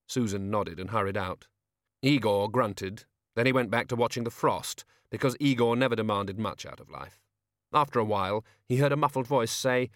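A man narrating a story as an audiobook, steady and wry. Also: fairly low pitch, moderate pace, no room sound, studio quality.

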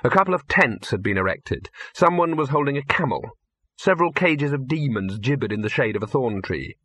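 Man, audiobook narration, lively intonation, husky, dry studio sound. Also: medium pitch, brisk, no echo. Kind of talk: audiobook reading.

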